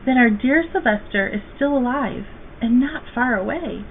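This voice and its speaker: A woman voicing a sad, hopeful mother donkey who speaks softly and wistfully in a storybook read-aloud. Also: fairly high pitch, animated, moderate pace. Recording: tinny phone-like, faint hiss.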